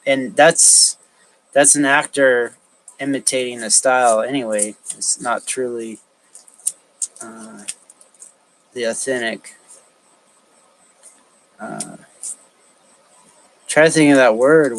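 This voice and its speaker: A man talking alone on a livestream, thinking aloud in a halting way with frequent restarts and fillers. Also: mid-range voice, a bit bright, poor audio. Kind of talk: rambling solo livestream talk.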